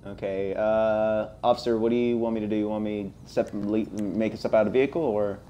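A man's voice: fairly low pitch, steady tone, fairly quick, mellow, dull audio, slight background noise. Easygoing man playing a cop. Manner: chatty, hesitant, many uh fillers and restarts. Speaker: host playing a police officer. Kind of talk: casual game role-play chat.

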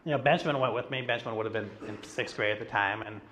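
A man's voice: on the low side, quick pace, a bit bright. A middle-aged man, a pastor, preaching a sermon in a casual, storytelling way, with self-deprecating humor and lots of filler words. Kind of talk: sermon with personal stories. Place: church sanctuary.

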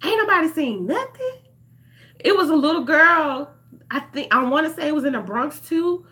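A young vlogger speaks directly to her viewers with passion and emotion. Her high voice is sharp-toned and very animated, moving at a moderate pace.

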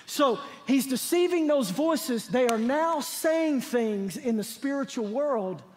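A man preaching a sermon as pastor in a church, talking conversationally and then pressing his points with fervent emphasis. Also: very high voice. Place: church sanctuary. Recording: long hall reverb.

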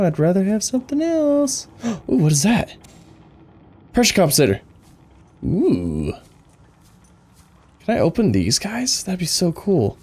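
A man giving excitable let's play commentary, thinking aloud and gasping at each new find. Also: high-pitched. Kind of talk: gameplay commentary.

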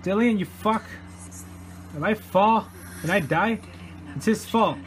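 A man playing a horror game and commenting casually, jumpy and swearing constantly, yelling and laughing at the scares. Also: high-pitched, slow, pauses often, slight background noise. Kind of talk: casual let's-play commentary.

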